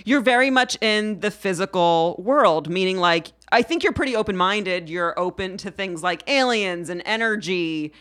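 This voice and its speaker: A woman's voice: medium pitch, lively intonation, normal speed, few pauses, a bit bright. A woman guest on a casual podcast, chatting playfully and sometimes slipping into a mock-formal voice. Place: podcast studio in Queens.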